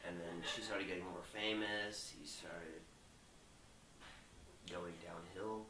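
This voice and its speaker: A man's voice: sits low, fairly even intonation, takes it slowly, reverberant, far from the mic, background noise. A young man loosely retelling a movie plot, rambling with lots of filler words. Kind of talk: rambling casual movie recap.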